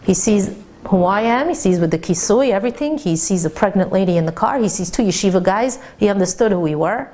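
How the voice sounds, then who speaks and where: A woman who teaches religious classes to women, telling a story in an animated, excited way and often stammering over repeated words. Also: mid-range voice, fairly quick. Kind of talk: storytelling lecture.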